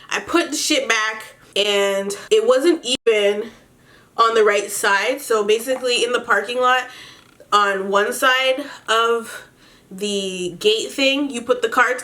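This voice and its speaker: Young woman vlogger, kinda high voice, laughs a lot, cusses casually, chatty story mode. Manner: animated, laughs often, swears casually. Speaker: beauty vlogger. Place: at home doing makeup.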